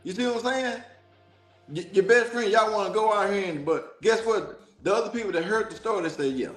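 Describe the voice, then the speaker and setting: A man from Dallas, a talk show guest telling a story in an animated, preachy way. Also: sits high, brisk, roomy sound, faint music behind. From Dallas, Texas. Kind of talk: casual storytelling.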